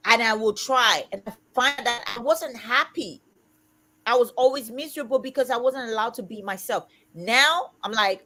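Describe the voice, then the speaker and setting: A woman in her fifties hosting a casual livestream chat, talking loudly and emphatically. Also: a little high, normal speed. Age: 50s. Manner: loud, emphatic and outspoken. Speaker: livestream host.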